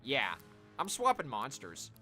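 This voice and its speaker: A man commentating his own game stream in an easygoing, unhurried way. His voice is bright and his pitch moves around a lot as he reacts. Quiet music runs underneath. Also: wildly swooping pitch. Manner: chatty, talking to viewers while playing. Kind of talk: casual live-stream commentary.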